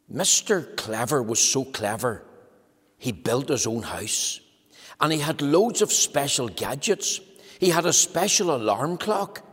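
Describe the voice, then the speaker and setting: Animated man telling children a story. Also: measured pace, slightly rough, in a large hall. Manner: animated storytelling, lively pitch. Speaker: preacher.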